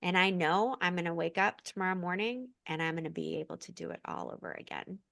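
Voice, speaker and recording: Woman guest talking real open and effusive, lowish voice, dry sound. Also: gravelly, no room sound. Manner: expressive, effusive, quick asides. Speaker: podcast guest. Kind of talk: candid conversational chat.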